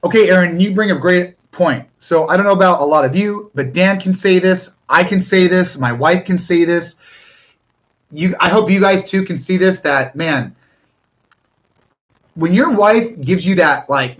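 A man's voice: high voice, unhurried, a bit bright. A young man from Northern California hosting a casual live stream, chatting loosely with viewers and often restarting his sentences. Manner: chatty, rambling, with frequent restarts.

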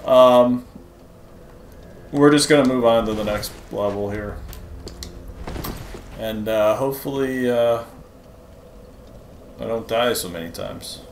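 Slow self-mocking gamer guy in an echoey room. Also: mid-range voice, slight background noise. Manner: self-deprecating, chatty, talking to viewers. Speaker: gaming channel host. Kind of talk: casual gameplay commentary.

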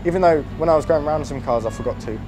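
A young man with a British accent chatting casually over his driving game, excitable and prone to yelps and swearing. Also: a little high, very fast, soft background music. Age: young adult. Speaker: gaming YouTuber. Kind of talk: casual gameplay commentary.

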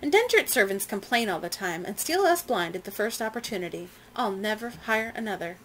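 A woman's voice: mid-range voice, animated, fairly quick, slight background noise, natural voice, low-quality recording. A woman reading the part of a stern, demanding wealthy colonial mistress with clipped commands.

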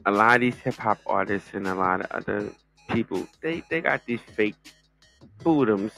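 A man hosting a talk show, reacting to a news story in casual commentary, halting and repeating himself as he exclaims. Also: fairly low pitch, lively intonation, creaky, a bit bright, faint music behind. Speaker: podcast host.

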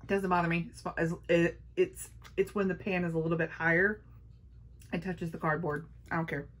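Gushing woman with a lowish voice. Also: little pitch movement, moderate pace, a little hiss or hum. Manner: gushing, playful, talks to her palettes. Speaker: makeup vlogger. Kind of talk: casual haul chat.

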